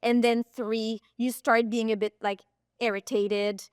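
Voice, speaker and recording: Bright-voiced woman telling coaching stories. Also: a little high, measured pace, clear, resonant tone, dry recording, clean studio sound. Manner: animated storytelling, searches for words. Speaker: podcast guest, performance coach. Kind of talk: casual podcast interview.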